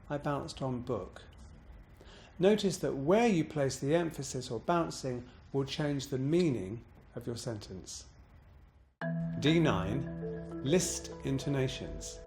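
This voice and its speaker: A man coaching voice exercises, calmly explaining each step and demonstrating pitch bounces on words. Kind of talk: instructional voice exercise demo.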